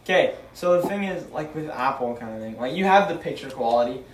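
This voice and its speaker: A man's voice: medium pitch, expressive, a little fast, recorded from a distance, a little hiss or hum. A teenage boy in casual chat with friends, rambling through an argument with many restarts. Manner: rambling, argues phone specs with many restarts. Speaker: co-host. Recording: roomy echo, off-mic.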